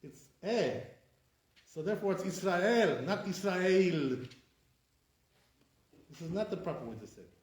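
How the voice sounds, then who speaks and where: A man's voice: a little high, big pitch swings, rapid-fire, few pauses, darkish tone. A man, a rabbi, teaching a casual class and saying "right?" often while he acts out wrong and right pronunciations. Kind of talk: informal class lecture. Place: classroom with a live audience. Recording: echoey room, voice picked up from a distance.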